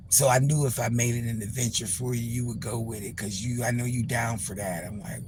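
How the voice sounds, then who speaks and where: A woman hosting a live stream, telling a story in a loose, profane, animated way and acting out other people's voices. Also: rumbling low, brisk, hardly any pauses, noisy background. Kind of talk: casual storytelling to a live chat.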